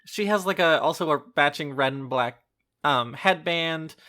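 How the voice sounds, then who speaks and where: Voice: medium pitch, moderate pace, sharp tone. A podcast co-host in casual chat, rambling and hesitant with many ums.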